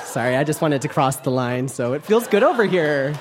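Very animated and fairly quick, a man whose voice is on the high side does stand-up in a comedy club for a live audience. His humor is self-mocking and playful, he often laughs as he speaks, and the crowd's laughter and room noise carry in the background.

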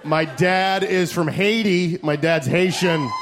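A young man doing a crude, fast stand-up comedy set, yelling punchlines and laughing along. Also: high voice. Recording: live club, loud crowd and noise.

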